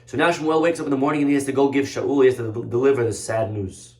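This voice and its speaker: Man giving an animated sermon in an echoey room. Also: medium pitch, quick pace. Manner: animated, conversational, vivid storytelling. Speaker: rabbi. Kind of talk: sermon storytelling.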